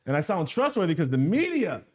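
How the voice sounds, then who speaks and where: A man hosting a podcast in casual chat, an animated storyteller who drops quiet and heavy, then turns loud and laughing, thinking aloud with restarts. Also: a little high, a little fast. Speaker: podcast host.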